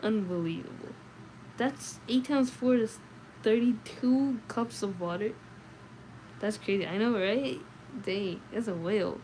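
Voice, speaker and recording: A woman's voice: medium pitch, a little slow, mellow, slight background noise, rough recording. A woman reading a novel aloud at night and chatting casually between passages, sleepy and chatty. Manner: sleepy, chatty, answers chat comments. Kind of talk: late-night read-aloud and casual chat.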